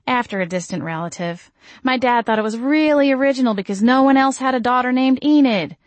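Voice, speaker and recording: A woman's voice: a little high, a little fast, no room sound, pitched above the performer's own voice, close to an everyday voice. A woman voicing a tipsy, self-mocking young woman who babbles nervously in audiobook dialogue. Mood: babbling.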